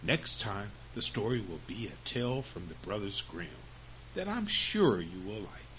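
A man hosting a storytelling podcast, reading fables to children with very expressive, lively narration. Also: lowish voice, a little slow, slight background noise, low-quality recording.

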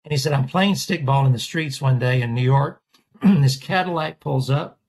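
A man's voice: medium pitch, moderate pace. A man, a portrait artist, telling a story in an interview and acting out the voices of the people in it. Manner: animated storyteller, acts out quoted voices.

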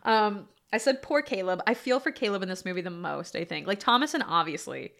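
A woman co-hosting a casual movie podcast, animated and quick to laugh as she acts out scenes. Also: mid-range voice, creaky. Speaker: podcast co-host.

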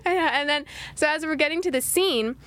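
A young woman with a high voice chats as a guest on a radio show, telling her story with frequent giggles. Her delivery is casual and easygoing. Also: brisk, fairly bright tone, dry recording. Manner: giggly, chatty. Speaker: guest, host's daughter.

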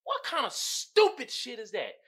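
A man riffing on his own podcast in loose, slang-heavy, profane chat. His voice sounds bright and forward, and his pitch swings widely as he gets worked up. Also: a little slow. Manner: animated, slangy and profane, often breaking into laughter. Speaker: podcast host. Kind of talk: casual podcast commentary.

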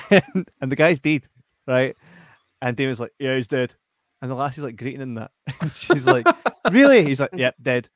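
A man's voice: mid-range voice, normal speed, dry recording. A man with a Scottish accent hosting a casual live stream, reading out chat messages with lots of laughter and banter. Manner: banters, laughs often, swears.

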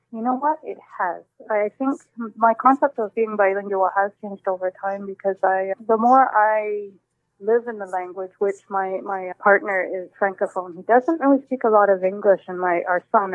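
A woman in her forties, a musician, answering interview questions in a reflective, animated way with many restarts. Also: mid-range voice, normal speed, no echo. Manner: warm, reflective, with frequent restarts and exclamations. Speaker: musician guest. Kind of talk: relaxed personal interview answers. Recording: dry, tinny phone-like line.

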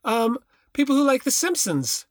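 A man co-hosting a podcast, telling a casual anecdote in an animated way. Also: very high voice, moderate pace, no echo, clean studio sound. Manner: animated storyteller, imitates barking. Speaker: podcast co-host. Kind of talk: casual storytelling chat.

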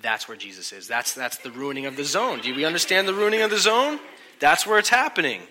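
A man preaching a sermon in a lively, joking way, often asking his listeners questions. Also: fairly high pitch, a little fast, a little hiss or hum. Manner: animated, joking, asks the crowd questions. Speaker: pastor.

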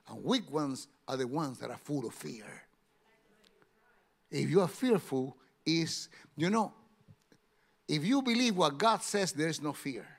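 Pastor, male, high voice, emphatic preaching with loud bursts. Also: gravelly. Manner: emphatic, rising to loud exclamations. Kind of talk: sermon.

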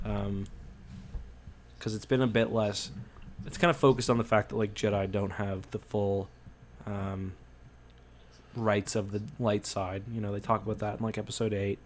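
A man's voice: on the low side, level tone, normal speed, long pauses, slight background noise. A man with a slightly sick voice, co-hosting a casual chat, rambling with many ums and restarts. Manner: rambling, hesitant with frequent ums and likes. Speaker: podcast co-host.

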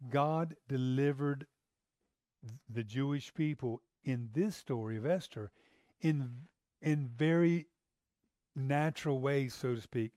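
A man's voice: mid-range voice, darkish tone, dry recording, studio quality. A man preaching a sermon in a conversational way, asking the listeners rhetorical questions and often restarting his phrases.

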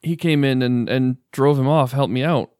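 A man playing a shaken, grieving father, halting and stammering. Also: medium pitch, steady tone, a little mellow, clear, resonant tone, no echo, studio quality, natural voice.

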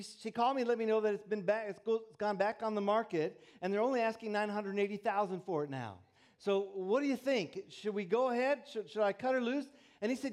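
A man's voice: high-pitched, darkish tone. A man preaching a sermon, telling stories in a folksy, conversational way. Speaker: pastor. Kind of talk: sermon with storytelling.

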